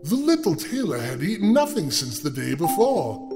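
A man's voice: fairly high pitch, wildly swooping pitch, moderate pace, over loud music. A man reading a fairy tale aloud as host, breaking off for sardonic, mocking asides to the listener. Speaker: storyteller host.

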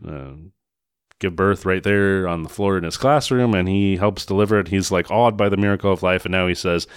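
A man with a somewhat low voice, recapping a film's plot on a podcast in a sarcastic, exasperated tone. The sound is dry and close, with no room around it. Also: fairly quick, smooth, dry recording. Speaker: podcast co-host. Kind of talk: casual movie-review chat.

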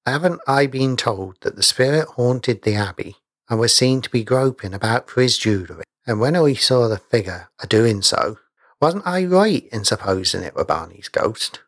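A man's voice: medium pitch, expressive, normal speed, fairly bright tone, dry recording, studio quality. A man doing a stubborn old village cobbler. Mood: insistent. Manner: insistent, rustic dialect speech.

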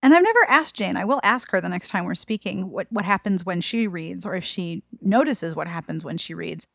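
A woman co-hosting a podcast in casual chat, expressive and self-deprecating. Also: fairly low pitch, brisk, creaky, dry recording, lo-fi sound. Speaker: podcast co-host.

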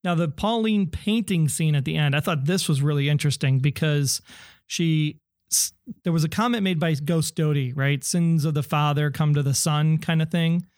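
A man co-hosting a casual TV recap podcast, speculating in an animated way and sometimes quoting characters in put-on voices. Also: on the high side, normal speed, dry recording, clean studio sound. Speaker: podcast co-host.

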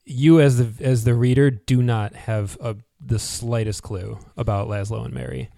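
A man co-hosting a podcast in a casual chat, animated and acting out characters' lines as he recaps. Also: mid-range voice, normal speed, gravelly, no room sound, studio quality. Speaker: podcast co-host.

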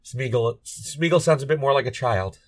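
Medium-pitched and at normal speed, a man co-hosting a podcast chats loosely, rambling along with lots of fillers and laughs.

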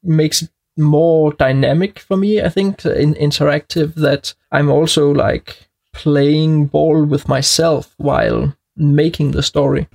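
Danish-accented man, podcast guest, gravelly, hesitant with frequent restarts. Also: on the high side, steady tone, takes it slowly, darkish tone. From Denmark. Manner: hesitant, many restarts and fillers. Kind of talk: podcast conversation.

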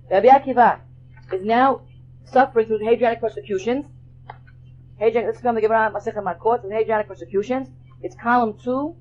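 Woman teacher, high voice, classroom lecture, rhetorical questions, muffled lo-fi class tape. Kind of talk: classroom lecture on Jewish texts. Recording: dull lo-fi 2001 class recording.

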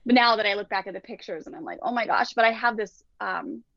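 A woman's voice: medium pitch, fast, gravelly, no room sound. A woman in her forties, a parenting coach, telling stories in a casual interview and acting out the quotes. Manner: animated, acts out quotes in different voices. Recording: dull dry lo-fi recording.

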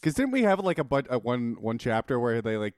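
A man's voice: mid-range voice, very animated, fairly quick, a little mellow, no room sound, studio quality. A man co-hosting a podcast in casual chat, asking teasing questions, laughing often and swearing freely. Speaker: podcast co-host.

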